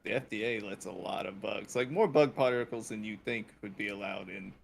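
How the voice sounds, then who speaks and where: A man's voice: lowish voice, brisk, gravelly. A man co-hosting a casual podcast, talking in a laid-back, musing way. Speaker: podcast co-host. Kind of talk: casual chat.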